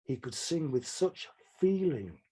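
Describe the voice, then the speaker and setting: A man's voice: fairly high pitch, sing-song, measured pace, warm tone, a little hiss or hum. An older man, a songwriter telling rambling, self-deprecating stories as an interview guest. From England. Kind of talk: casual interview chat.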